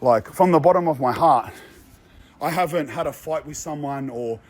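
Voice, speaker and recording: Brash young Australian man, slightly high. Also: normal speed, a little mellow, no echo. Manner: brash, boastful street slang. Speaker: social media personality. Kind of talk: casual walking vlog. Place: outdoors among apartment blocks.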